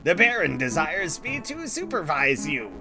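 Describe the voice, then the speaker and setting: A stern farm overseer barks out slow, clipped orders, as a man puts him on while reading game dialogue aloud. The voice sits a little higher than a man's usual talk and stays measured and bossy throughout the commands. Guitar music plays underneath. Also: very animated. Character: stern male overseer farmer working for a baron. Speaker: game character voiced by a let's player.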